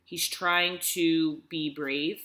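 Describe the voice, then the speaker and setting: A woman's voice: low voice, steady tone, extremely slow, pushed and bright. A woman teacher reading a story aloud and explaining it step by step, often checking in with "okay?". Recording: echoey room.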